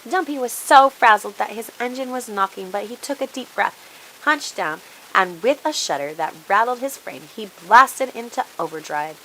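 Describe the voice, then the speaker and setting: A woman reads a children's storybook aloud and brings every scene to life. Her voice is bright and clear. A faint hiss runs under the recording. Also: on the high side, moderate pace, poor audio. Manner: expressive, animated read-aloud.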